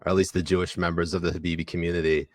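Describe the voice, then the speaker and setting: A man's voice: sits low, flat delivery, very fast, dry recording, studio quality. A man co-hosting a casual podcast, joking and laughing as he reads items aloud. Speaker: podcast co-host. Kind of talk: casual chat.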